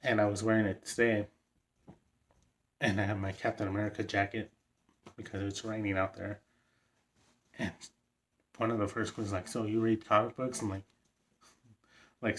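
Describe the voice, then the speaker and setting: Low, flat-voiced young man vlogging. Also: a little slow, long pauses. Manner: rambling, frequent "like" fillers, excited laughs. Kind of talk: casual vlog storytelling.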